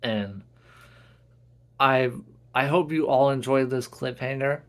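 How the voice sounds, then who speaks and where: Brief: man narrating his own story, earnest and unhurried, average pitch. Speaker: author reading his own novel. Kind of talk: dramatic story reading.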